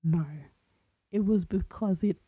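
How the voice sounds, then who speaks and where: Young female podcast co-host: slow, husky, dark-toned, chatting casually, trails into breathy asides while recalling details. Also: medium pitch, fairly even intonation, no echo, rough recording. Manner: rambling, searches aloud, drops into breathy asides. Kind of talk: casual chat.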